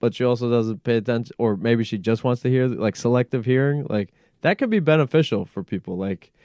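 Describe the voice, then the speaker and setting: A man hosting a casual in-studio podcast conversation, animated, peppering his talk with swearing and "like.". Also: mid-range voice, brisk, no room sound. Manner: animated, frequent swearing and filler "like". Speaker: podcast host.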